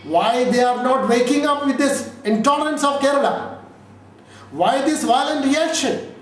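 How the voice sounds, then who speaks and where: A man's voice: very high voice, unhurried. A man from India, a lawyer giving an interview, speaking emphatically with repeated lists and rhetorical questions. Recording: echoey room from far off, faint noise.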